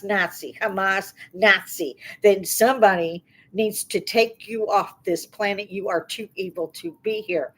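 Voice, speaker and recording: A middle-aged woman hosts her own show and rants in a heated, indignant way. Her voice sits at an ordinary pitch for a woman, and it spikes into loud outbursts when she gets worked up. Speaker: host of a talk stream. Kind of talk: angry political rant.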